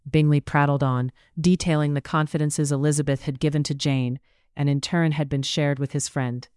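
A narrator telling a period novel in a measured, even manner. The voice is smooth and clear, and the recording is close and dry with no room echo. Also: mid-range voice. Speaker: audiobook narrator.

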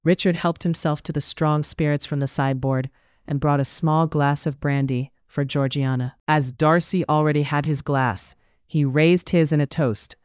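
Calm measured audiobook narrator, crisp clean voice, no room sound. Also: mid-range voice, no room sound, studio quality. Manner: steady, measured reading. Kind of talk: scripted story narration.

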